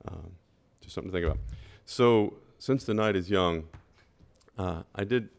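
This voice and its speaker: A man on a school board, speaking at a meeting and telling an anecdote with lively asides and "right?". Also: low voice, normal speed, creaky, smooth. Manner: animated storyteller, repeats "right?".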